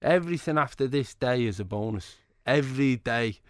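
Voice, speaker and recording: A man spins comic stories as a guest in a studio chat, acting out other people's lines along the way. His pitch sits in the middle range. The room is dry and close-miked. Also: normal speed, no echo. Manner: jokey, animated anecdotes with acted-out quotes. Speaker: comedian, interview guest. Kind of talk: casual storytelling interview.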